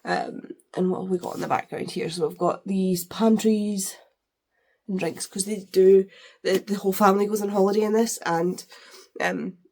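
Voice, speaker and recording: A woman's voice: medium pitch, normal speed, warm tone. Chatty woman gushing over books. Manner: gushing, chatty, many fillers. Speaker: book vlogger. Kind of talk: casual unboxing chat.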